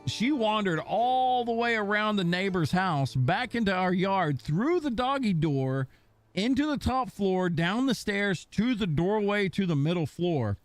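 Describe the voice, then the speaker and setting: A male game streamer talking off the cuff, his voice fairly high for a man and swinging widely up and down as he rambles through a story. He swears casually and keeps the chat loose, with faint music underneath. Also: expressive, unhurried, dry recording. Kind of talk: casual chat while gaming.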